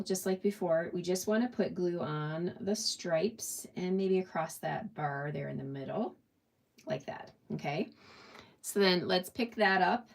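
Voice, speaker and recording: A woman teaching a live online papercraft class, chatting through each step and checking in with her viewers. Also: fairly low pitch. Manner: chatty, encouraging, laughs at her own slips; checks in often with "okay?". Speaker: papercraft instructor.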